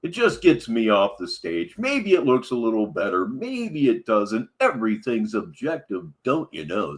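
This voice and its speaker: A man's voice: medium pitch, huge pitch swings, unhurried, few pauses. A man hosting a livestream, giving sardonic commentary on a clip he plays. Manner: sardonic, mocking asides. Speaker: livestream host. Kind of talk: casual commentary over a played clip.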